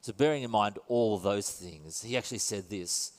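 A man's voice: fairly low pitch, normal speed, few pauses. A man preaching a sermon in a church, conversational and earnest, with self-deprecating asides. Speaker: pastor. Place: church building. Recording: long reverb in a church hall.

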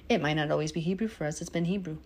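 A woman's voice: low-pitched, fast, a little mellow, slight background noise. A woman giving an informal, earnest Bible teaching, reading verses aloud and explaining them in a preachy, heartfelt way. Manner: earnest, preachy, chokes up emotionally.

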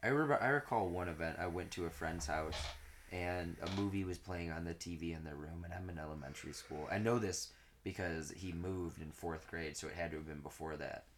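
A man telling a long, crude story to friends in a casual chat, animated and swearing, often laughing through his punchlines. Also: low-pitched, brisk, slight background noise.

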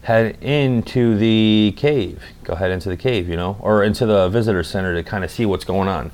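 A man with a fairly low voice tells a travel story in a loose, rambling way. He talks in slang and swears freely. It sounds like a casual vlog monologue. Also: moderate pace, darkish tone. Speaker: travel vlogger.

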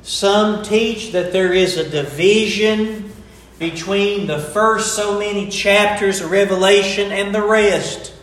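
Slow, deliberate preacher man. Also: high-pitched, a bit bright, reverberant. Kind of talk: sermon.

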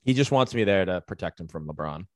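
A man's voice: deep voice, animated, quick pace, darkish tone, no echo, studio quality. A young man co-hosting a podcast, telling rambling, profane sports stories in casual chat. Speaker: podcast co-host.

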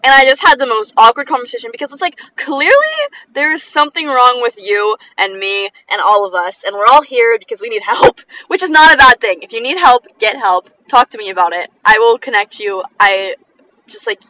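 A woman's voice: on the high side, a little fast, pushed and bright, poor audio. A young woman telling personal stories in a casual chat while driving in a car, filling her talk with "like" and laughing often. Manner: chatty, fillers of "like", frequent laughter. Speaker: vlogger.

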